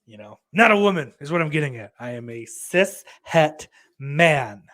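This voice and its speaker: A man's voice: a little high, expressive, normal speed, fairly bright tone. A young man hosting a podcast, chatting casually in a rambling, profane, self-deprecating way. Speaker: podcast host. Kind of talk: casual livestream chat.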